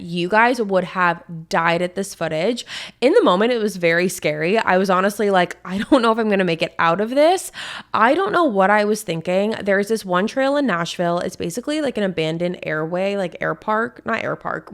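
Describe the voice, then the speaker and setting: A woman hosts a solo podcast, talking in a chatty, confiding way while congested with a sore throat. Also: mid-range voice. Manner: chatty and confiding, addresses listeners as "you guys". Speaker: podcast host. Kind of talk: solo casual chat.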